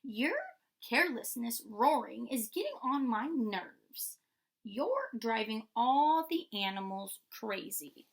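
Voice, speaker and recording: A woman's voice: on the high side, expressive, takes it slowly, gravelly, slightly rough, heavily acted, low-quality recording. A woman doing a snappish little warthog. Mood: irritated. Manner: snapping, loud and scolding. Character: small cross warthog, snappish and irritable.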